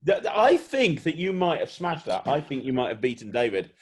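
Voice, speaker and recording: A man's voice: fairly high pitch, very animated, brisk, breathy edge. A man hosting a casual interview, gushing with effusive praise for his guest. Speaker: podcast host.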